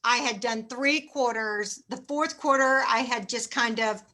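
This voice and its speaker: A middle-aged woman giving a chatty, self-mocking motivational sales training talk, acting out phone pitches. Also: unhurried, sharp tone.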